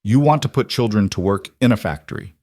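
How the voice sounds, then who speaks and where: A man's voice: fairly low pitch, fairly quick, no echo, studio quality. A man voicing a determined young frontier woman who speaks steadily and defiantly. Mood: firm. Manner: steady, firm, quietly defiant.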